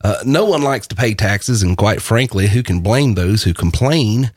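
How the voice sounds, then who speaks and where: Rambling through a casual podcast conversation and laughing frequently, the male host speaks at a normal pace in a lowish, somewhat dark voice with lively intonation. The studio recording is clean, without any room sound.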